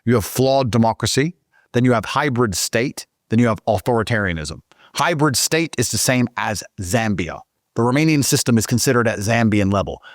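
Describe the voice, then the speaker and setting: Man, casual storytelling, swearing, lively swooping pitch, dry close sound. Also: no room sound. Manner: profane, indignant, animated. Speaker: guest storyteller.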